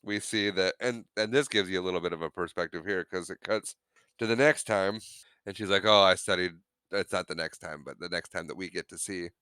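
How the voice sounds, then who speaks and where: A man recaps a film scene by scene in casual podcast chat, slipping into the characters' lines as he goes. His voice sits low but comes out bright and clean, recorded dry on a close mic. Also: brisk, clear, resonant tone, no room sound. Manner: retells scenes acting out quotes. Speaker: podcast co-host.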